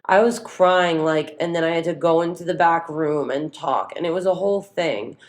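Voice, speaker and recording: A woman's voice: fairly low pitch, normal speed. A woman co-hosting a podcast in casual chat, retelling stories and acting out what others said. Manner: storytelling, animated retelling with quoted voices. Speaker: podcast co-host.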